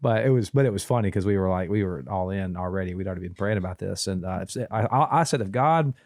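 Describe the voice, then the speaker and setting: A man with a slightly low, somewhat mellow voice speaks quickly as a guest on a casual podcast, telling a winding family story full of restarts and quoted exchanges. The recording is close and dry, with no echo or room sound.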